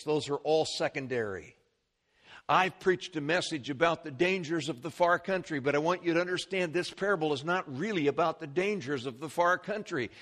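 A man's voice that sits high carries an animated sermon from a pastor. He restarts lines, repeats words, and breaks off for side comments to the congregation.

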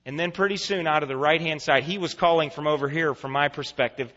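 A male pastor preaching a sermon, telling a vivid story and then making an earnest, hushed appeal. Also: a little high, fast, few pauses. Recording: echoey church hall, dull lo-fi sound.

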